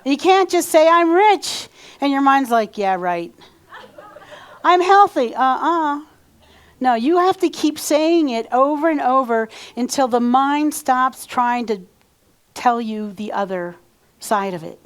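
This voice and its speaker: High-voiced woman minister preaching. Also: animated, slow, clean tone. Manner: conversational, leads call-and-response affirmations. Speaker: reverend. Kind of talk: sermon. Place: church sanctuary.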